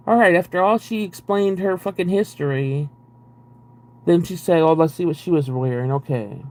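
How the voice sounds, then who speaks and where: On a live stream, a young man with a fairly high, slightly mellow voice reads a book aloud at normal speed. Between passages he breaks off into profane, exasperated, sarcastic asides.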